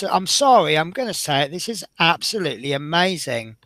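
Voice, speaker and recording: A man's voice: on the high side, very animated, fairly quick, a bit bright, dry recording. A man chatting casually as he builds a scale model, rambling and often breaking off mid-sentence. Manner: chatty, rambling, self-interrupting.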